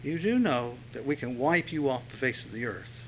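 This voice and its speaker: A man's voice: mid-range voice, lively intonation, moderate pace, slight background noise, natural voice. A man doing a menacing warrior.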